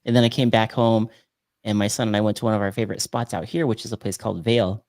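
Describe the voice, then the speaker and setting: A man's voice: on the low side, quick pace, no echo, studio quality. A man from California hosting a casual podcast chat, telling stories and laughing often. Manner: laughs often, lively storytelling. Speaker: podcast host.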